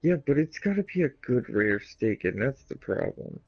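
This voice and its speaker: Gravelly-voiced man, lively and laid-back. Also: mid-range voice, moderate pace, dry recording, highs cut off. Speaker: podcast co-host. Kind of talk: casual chat.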